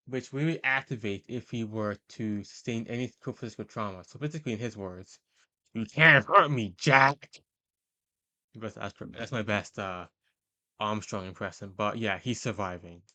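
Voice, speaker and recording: A man with a lowish, slightly bright voice gives tier-list commentary ranking characters for a video. It's casual and rambling; he often hesitates, leans on fillers and corrects himself mid-sentence.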